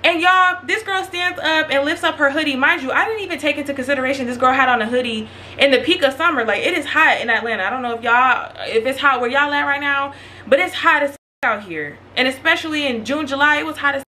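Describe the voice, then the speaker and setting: Bright, chatty young woman telling a story. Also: high-pitched, quick pace, a little hiss or hum. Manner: chatty, animated, slangy, addresses viewers directly. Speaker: vlogger. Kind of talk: casual storytime monologue.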